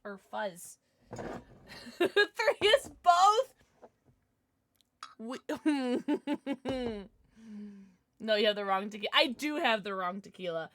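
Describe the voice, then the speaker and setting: A woman's voice: mid-range voice, animated, takes it slowly, pauses often, a bit bright, dry recording. A young woman live-streaming, chatting casually and bubbly as she reads her chat aloud, gasping and laughing often.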